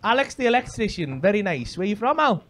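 A man's voice: high voice, big pitch swings, fast talker, heavy background noise. A male stand-up comedian doing cheeky, sweary banter with audience members on a comedy club stage. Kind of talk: crowd work. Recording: live comedy club crowd laughing.

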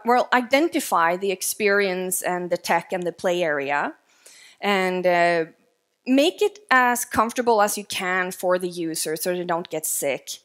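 A woman speaking at a tech conference, presenting in a lively, conversational way with casual fillers. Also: medium pitch. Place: conference stage before an audience.

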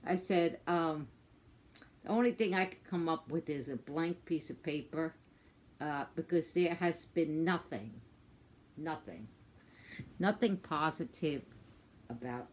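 A woman ranting casually into her phone, frustrated and profane, halting with many fillers. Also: low voice, slight background noise. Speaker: vlogger. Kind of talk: casual rant to camera. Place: outdoors on a walk.

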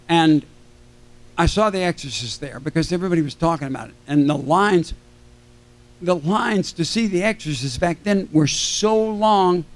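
Older man, fairly high voice, convention panel guest, animated storyteller. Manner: animated anecdotes, acting out quoted voices. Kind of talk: storytelling to a live audience. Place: convention stage.

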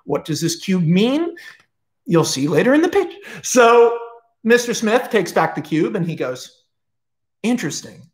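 Animated, profane man pitching a movie. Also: a little slow. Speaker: screenwriter pitching a film. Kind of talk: casual storytelling pitch.

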